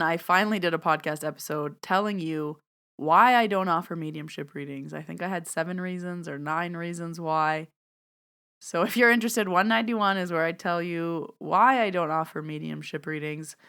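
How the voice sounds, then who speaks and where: A woman's voice: fairly low pitch, fairly bright tone, smooth. A woman hosting her own podcast, chatting through a reflective, heartfelt year-end recap as a medium and teacher.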